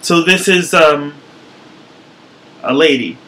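A man's voice: a little high, slow pace, bright, forceful tone, low-quality recording. A young man playing an eager, hesitant actor at an audition, stammering through questions in a comedy sketch.

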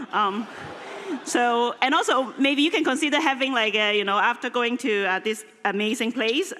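Bright-voiced woman rambling in a hall. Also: fairly high pitch. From Hong Kong. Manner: rambling, hesitant, playful. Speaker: conference speaker. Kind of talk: lightning talk announcement. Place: large conference hall. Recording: reverberant hall.

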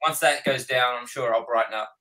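An Australian man joins an online interview as a guest director. His voice is bright and forward, yet his delivery stays sleepy and unhurried, like someone just awake. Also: mid-range voice, low-quality recording. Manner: sleepy, relaxed.

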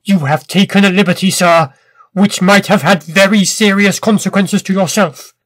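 A man's voice: sits high, normal speed, fairly bright tone, no room sound. Irascible old professor, voiced by a man, commanding and pompous, dry close mic. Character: irascible, powerful older male professor.

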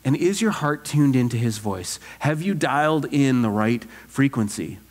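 Pastor preaching in a reverberant church. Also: male voice, medium pitch, moderate pace. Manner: earnest, animated preaching with rhetorical questions. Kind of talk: sermon. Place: church sanctuary.

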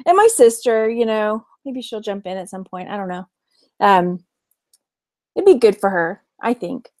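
A woman's voice: medium pitch, expressive, measured pace, darkish tone, no echo, studio quality. A woman in her thirties with a Texan accent, chatting casually on a live stream, giggling often and reading viewer comments aloud. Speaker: vlog host, reseller.

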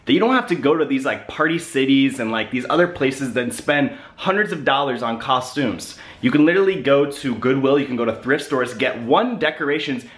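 A man's voice: mid-range voice, fairly quick, few pauses. A young man with the hiccups chatting casually to his vlog camera, rambling with lots of fillers. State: has the hiccups. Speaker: vlogger.

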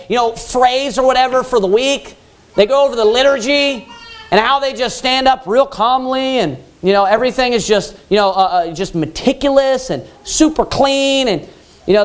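A man preaching a fiery sermon. He reads scripture in a loud, drawn-out preaching cadence and adds quick casual asides between the readings. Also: extremely high pitch.

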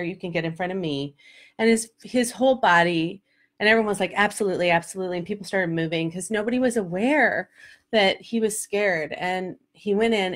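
A woman's voice: fairly low pitch, a bit bright. A middle-aged woman, a life coach, telling a story straight to camera in a candid, emotional way, with many fillers. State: tearful at times. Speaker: life coach and vlog host. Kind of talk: casual direct-to-camera vlog.

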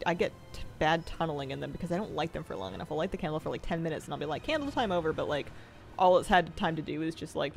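A woman's voice: deep voice, creaky. A woman streaming a game, chatting casually with chat in a rambling way and laughing often. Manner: chatty, giggly, rambling asides.

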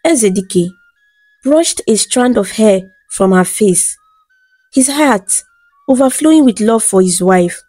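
A woman narrating a bedtime folktale in a smooth, even storytelling read. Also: fairly high pitch, takes it slowly, no room sound, faint music behind.

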